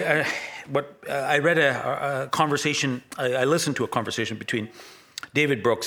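A middle-aged male pastor delivering a sermon with a bright, forceful tone. He rambles and corrects himself mid-sentence, chatting with the congregation as he goes. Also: mid-range voice. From Canada. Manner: rambling, self-correcting, conversational.

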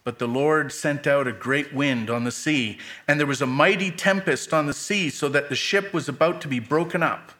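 A man's voice: on the high side, moderate pace, hardly any pauses, sharp tone. A middle-aged man preaching a sermon, reading scripture aloud with dramatic lifts for quoted lines and adding plain asides.

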